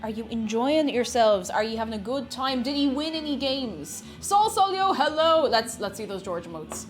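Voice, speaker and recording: Lively chatty woman streamer. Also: fairly high pitch, moderate pace, soft background music. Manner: chatty, greets chat by name, frequent laughter. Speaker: variety streamer. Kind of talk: casual live-stream chat while baking.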